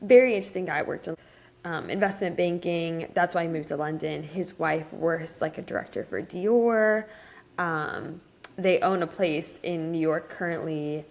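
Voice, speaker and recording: A woman's voice: lowish voice, moderate pace, creaky. A young woman in her twenties, co-hosting a casual podcast, telling a story with lots of "like" fillers and lifting her voice when she quotes people. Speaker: podcast co-host.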